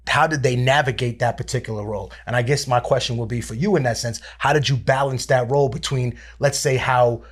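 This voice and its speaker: A man's voice: medium pitch, steady tone, brisk, few pauses. A man co-hosting a podcast in casual chat, thoughtfully building up long questions. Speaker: podcast co-host.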